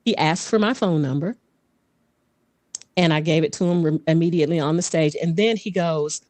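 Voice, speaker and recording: A woman guest who is a vocal coach and voice actor, telling stories in a lively casual way, often laughing and dropping into voices. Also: on the low side, a little fast, dry recording. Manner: animated, laughs often, slips into character voices. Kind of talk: casual podcast storytelling.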